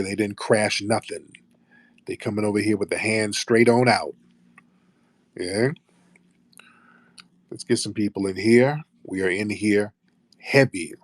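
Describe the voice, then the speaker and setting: A man's voice: fairly low pitch, dry recording. A man hosting a heated live call-in show, talking bluntly and combatively, often profane. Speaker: host.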